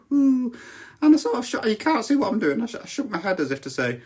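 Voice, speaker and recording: Lively deadpan woman podcaster. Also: fairly high pitch, brisk, husky. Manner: deadpan, mock-pompous storytelling. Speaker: podcast host. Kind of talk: comic monologue. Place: home podcast studio.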